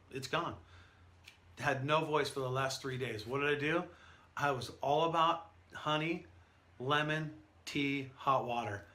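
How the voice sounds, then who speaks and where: Bright-voiced male announcer teaching. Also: mid-range voice. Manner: energetic, conversational, storytelling. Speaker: professional event announcer and instructor. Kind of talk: instructional talk to camera.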